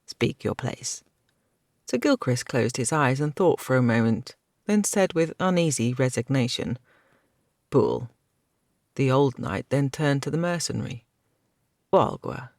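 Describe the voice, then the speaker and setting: Male audiobook narrator, gravelly, even delivery. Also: medium pitch, normal speed, dry recording, clean studio sound. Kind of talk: scripted fantasy narration.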